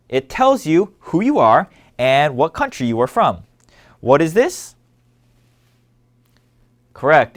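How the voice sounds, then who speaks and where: A man leads a scripted language lesson with a slightly high voice that moves a lot in pitch. He explains each word clearly and patiently. He keeps asking listeners to read along and repeat after him. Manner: clear, patient instructional delivery. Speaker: language teacher.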